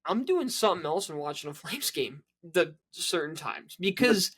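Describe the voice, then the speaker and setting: A man's voice: on the high side, lively intonation, normal speed, fairly bright tone, slightly rough. A man co-hosting a casual sports podcast, rambling with many restarts and fillers. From Canada. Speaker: podcast co-host.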